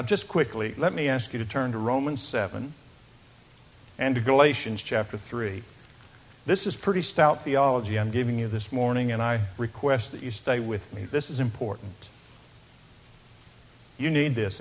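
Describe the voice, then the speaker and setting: A male pastor preaching a sermon, swinging from loud emphatic declarations down to hushed, quiet asides. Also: mid-range voice, normal speed.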